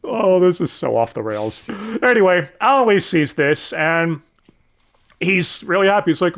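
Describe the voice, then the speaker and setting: Lively, sardonic man reviewing anime. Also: fairly high pitch, unhurried. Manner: sardonic, swears freely, laughs often. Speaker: podcast host reviewing an anime dub. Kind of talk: casual profane commentary.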